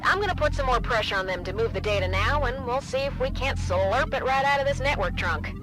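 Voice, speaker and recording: A woman's voice: on the high side, animated, fairly quick, natural voice. An actress voicing a seasoned female hacker with a Southern accent, talking in a drawling, folksy way. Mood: wry. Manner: drawling, folksy turns of phrase. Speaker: game character, veteran hacker. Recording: game voice line over loud music.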